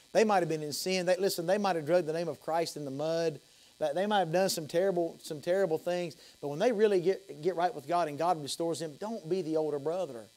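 A man, a pastor preaching an evening sermon in a church. His preaching swings between high, loud passages and soft, low ones, and he often repeats and restarts phrases. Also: rough recording. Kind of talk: evening sermon with altar call. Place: church sanctuary.

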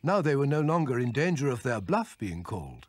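Lively husky male storybook narrator. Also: medium pitch, a little fast, dry recording. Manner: lively, expressive reading.

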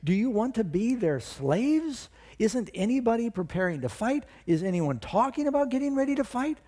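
A man's voice: very high-pitched, sing-song, normal speed, mellow, voice pushed up, full character voice. A man voicing an eager, indignant young shepherd who fires off pleading, incredulous questions.

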